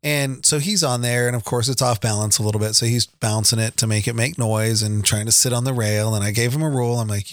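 A man's voice: mid-range voice, steady tone, fairly quick, few pauses, no echo, clean studio sound. A middle-aged man, co-hosting a podcast and telling a rambling story about his son, with many fillers and restarts. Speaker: podcast co-host, father. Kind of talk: casual storytelling chat.

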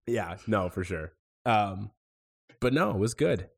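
A young man co-hosting a podcast, telling a rambling weekend story in a relaxed, casual way. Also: lowish voice, slow pace, vocal fry. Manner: laid-back rambling storyteller. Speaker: podcast co-host. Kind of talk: casual chat.

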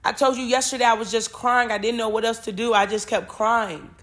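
A woman's voice: a little high, fairly even intonation, a little fast, fairly bright tone. Woman, emotional informal Bible reading, podcast host, blunt swearing. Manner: emotional, crying at times, swears freely.

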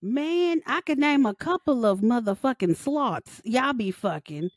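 A young woman co-hosting a podcast, with a high voice that leaps around as she rants. She roasts people with nonstop profanity and laughter. Her voice sounds close and dry. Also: animated, a little slow, no echo. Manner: loud, profane, joking and ranting. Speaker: podcast co-host. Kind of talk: casual chat.

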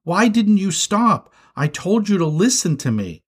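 A man's voice: medium pitch, sing-song, unhurried, husky, full character voice. A man voicing a young male skunk, a patient big brother who turns frantic when his little brother strays, in a storybook reading. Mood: alarmed, shouting.

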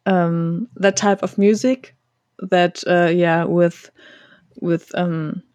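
Slow, halting woman in casual chat. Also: lowish voice, fairly even intonation, darkish tone, no room sound. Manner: halting, many fillers and restarts, laughs often. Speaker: podcast co-host.

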